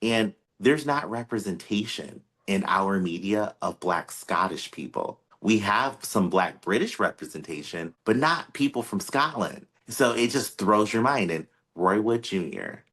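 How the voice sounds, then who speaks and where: A man from the United States co-hosting a podcast, telling stories in casual chat with lively emphasis. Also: lowish voice, a little slow, hardly any pauses, slightly rough. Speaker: podcast co-host.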